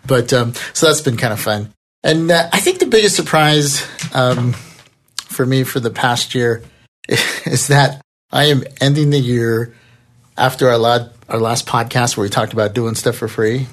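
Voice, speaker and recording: A man's voice: medium pitch, unhurried. A man hosting a podcast in casual chat, upbeat and laughing often. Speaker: podcast host.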